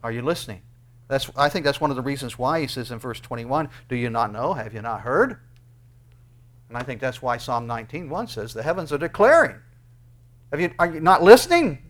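A male pastor preaching an earnest sermon, with emphatic rises and quick bursts between quieter explanations. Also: medium pitch, lively intonation.

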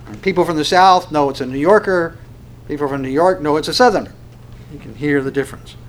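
A man preaching a sermon, swinging from loud, emphatic stresses down to hushed, quiet lines. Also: a little high, fast talker.

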